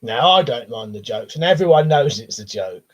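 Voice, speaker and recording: A man's voice: medium pitch, expressive, normal speed. A man hosting a live stream, reading viewer comments aloud and chatting back casually with plenty of swearing. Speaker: livestream host. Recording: dull lo-fi stream audio.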